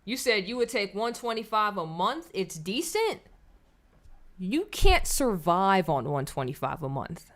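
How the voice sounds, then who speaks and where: A woman talks over clips on her live stream in a blunt, scornful, preachy way. Her voice sits in a middle pitch for a woman, and she speaks like she's chatting with her viewers. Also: sing-song, unhurried, fairly bright tone. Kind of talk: casual live-stream commentary.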